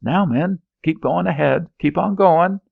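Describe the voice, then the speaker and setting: A man shouting as a gravelly cavalry officer under fire. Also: fairly high pitch, drawn-out words, dry recording, narrow, tinny audio, pitched above the performer's own voice, exaggerated voice. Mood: urgent shouting.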